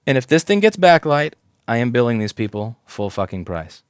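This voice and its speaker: A man's voice: mid-range voice, big pitch swings, normal speed, clear, resonant tone, no echo, clean studio sound. A man working as a repair technician who gives a hands-on repair tutorial in a blunt, profane, explanatory way at a repair shop workbench.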